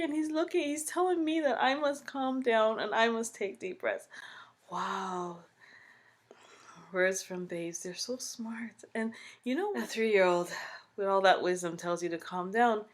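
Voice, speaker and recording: A young woman with a Caribbean English accent talks straight to her viewers in a casual storytime vlog. She is chatty and expressive, getting loud on some phrases and then dropping into soft, whispery asides. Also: mid-range voice. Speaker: vlogger.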